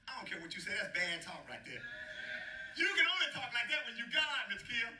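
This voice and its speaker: A man preaching a sermon with a very high, piercing voice that swings widely in pitch. He calls out to the congregation for answers and chuckles playfully between phrases. The sound is roomy and heard from some distance off the mic. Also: very animated, brisk, bright, forceful tone. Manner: call-and-response, urging the congregation to answer. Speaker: pastor. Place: church sanctuary.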